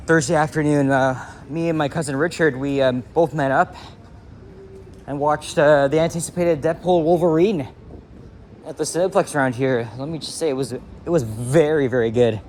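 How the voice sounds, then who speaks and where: A man chats loosely as he walks through a city street at dawn, rambling, full of fillers and casual swearing. His voice sits a little high. He is picked up by a handheld camera mic, with faint traffic and street noise behind him. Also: normal speed. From Canada. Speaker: walking vlogger. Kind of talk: casual walking commentary.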